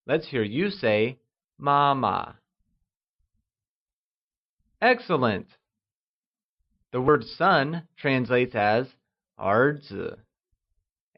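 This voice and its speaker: A man narrating a scripted language lesson, calmly leading listeners through words and praising each try. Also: medium pitch. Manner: slow, patient, encouraging drills. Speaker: language teacher. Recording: slightly dull lo-fi audio.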